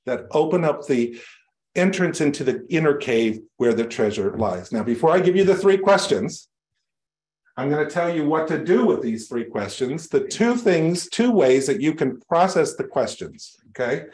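A man's voice: on the high side, very animated, moderate pace. A male reverend giving a sermon to his congregation, telling stories in a conversational way with light humor. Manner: warm conversational storytelling to a congregation, light self-deprecating humor. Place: church sanctuary.

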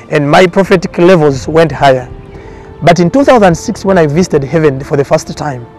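A man with a slightly higher voice gives his testimony in a documentary interview. He speaks earnestly, in a repetitive preaching cadence. Soft music plays faintly underneath. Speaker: prophet.

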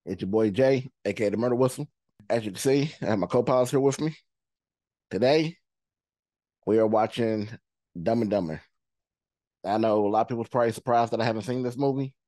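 A man hosts a movie reaction in a loose, chatty voice and swears freely as he goes. His voice sits in the middle register and stays animated. He is recorded dry and close, indoors at home. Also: medium pitch, brisk, pauses often, no room sound. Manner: animated, loud, swears and laughs a lot. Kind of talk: casual reaction commentary.

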